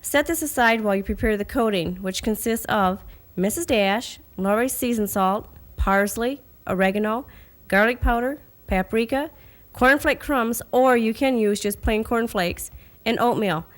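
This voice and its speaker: A woman hosting a cooking segment in a TV studio kitchen, giving steady, friendly step-by-step recipe narration. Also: fairly high pitch, normal speed.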